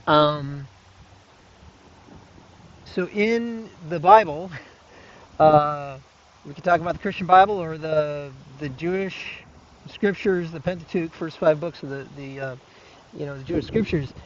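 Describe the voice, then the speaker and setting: Here a man vlogs to camera in a pensive, heartfelt way, halting often, restarting, filling gaps and occasionally laughing softly. His pitch leans high, and the recording's upper frequencies are cut off.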